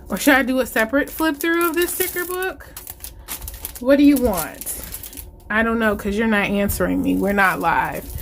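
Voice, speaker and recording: A woman, gushing with excitement as she unboxes planner supplies and chats to her viewers. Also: on the high side, a little hiss or hum. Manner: gushing, excitable, exclamations of delight. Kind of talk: casual unboxing chat to viewers.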